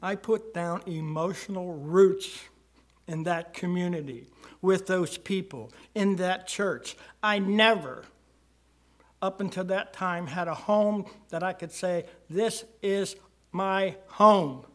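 An older man telling his personal testimony to a church congregation, earnest and rising to emphasis at key moments. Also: high voice. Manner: slow, earnest storytelling with swells of emphasis. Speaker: church member giving testimony.

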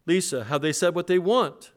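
A man preacher reading aloud the questions of a calm female phone operator, in a steady, questioning way. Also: on the high side, moderate pace, voice pushed up, natural voice. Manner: steady, questioning, raised read-aloud delivery.

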